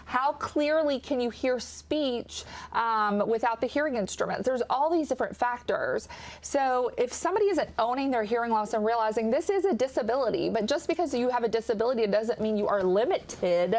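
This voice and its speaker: A woman's voice: a little high, lively intonation, a little fast, a little mellow. A woman with a Kentucky accent, a guest audiologist, explaining things enthusiastically in a TV interview and acting out what patients say. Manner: enthusiastic, acts out patient quotes.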